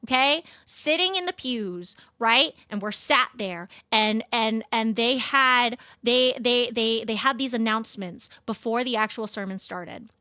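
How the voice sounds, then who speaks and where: Bright-voiced ranting young woman streamer. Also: fairly high pitch, a little slow, hardly any pauses, no room sound, clean studio sound. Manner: profane, ranting, animated storytelling. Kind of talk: casual chat stream. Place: home streaming setup.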